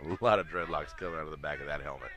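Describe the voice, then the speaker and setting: A man giving relaxed, chatty live commentary on a lacrosse game at an outdoor stadium, with dry humor and frequent fillers. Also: rumbling low, racing, noisy background. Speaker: play-by-play commentator.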